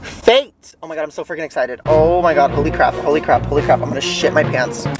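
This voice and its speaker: Excitable high-voiced young man vlogging. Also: quick pace, music in the background. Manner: gushing, dramatic, easily excited. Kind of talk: casual vlog chat. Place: parked car at a drive-thru.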